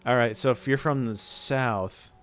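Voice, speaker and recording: A man's voice: medium pitch, unhurried, a bit bright, soft background music. A man streaming live, chatting goofily with his viewers and laughing often. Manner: goofy, laughs a lot, chats with viewers. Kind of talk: casual live-stream chat.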